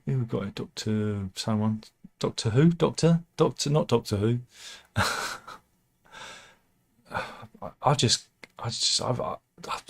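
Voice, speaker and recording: A man's voice: medium pitch, darkish tone. A man from the UK, hosting a casual news chat, reading out headlines with wry, sarcastic asides and frequent restarts.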